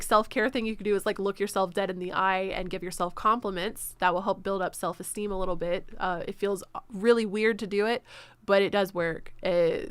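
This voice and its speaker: Smooth-voiced woman streamer with lots of ums. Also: mid-range voice, a bit bright, dry recording. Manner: frequent ums and self-corrections. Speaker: streamer hosting a Q&A. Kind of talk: casual live-stream advice chat.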